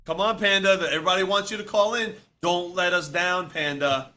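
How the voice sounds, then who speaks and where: A man co-hosting a casual livestream, loud and excitable as he hypes up the chat. His voice is bright and sits a bit high. His delivery is eager and full of energy. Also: fairly quick. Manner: loud, excitable, pleading and hyping. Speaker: co-host, mining business owner.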